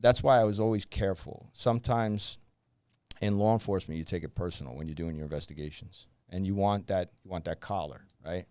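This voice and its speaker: A man's voice: deep voice, fairly quick, darkish tone, clear, resonant tone, no room sound. A man, a former undercover officer, telling stories as a podcast guest and acting out the voices of people he quotes. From New Jersey. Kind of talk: storytelling in a podcast interview.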